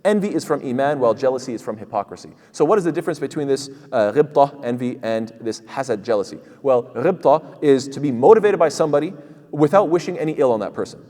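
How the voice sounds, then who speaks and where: A man giving a lively Quran commentary lesson at a mosque, talking in a rush with many fillers and restarts and reciting Arabic passages quickly. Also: mid-range voice, long reverb tail. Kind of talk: sermon-style tafsir lesson. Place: mosque hall.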